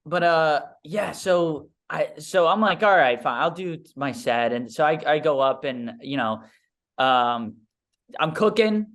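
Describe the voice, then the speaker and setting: A man's voice: on the high side, lively intonation, measured pace, a bit bright. A young man, a stand-up comedian, telling a story in a casual, rambling, self-deprecating way with lots of fillers. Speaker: stand-up comedian and podcast guest.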